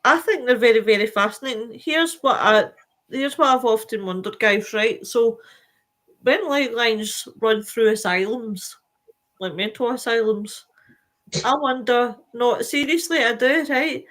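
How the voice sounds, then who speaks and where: A woman's voice: fairly high pitch, unhurried. Chatty, tired woman hosting a live stream. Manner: chatty and animated, with many fillers. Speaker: show host reading viewer comments. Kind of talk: casual live-stream chat.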